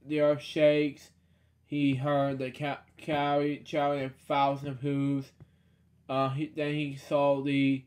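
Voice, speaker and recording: A man reading a children's storybook aloud, stumbling over words and dropping sarcastic deadpan asides. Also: medium pitch.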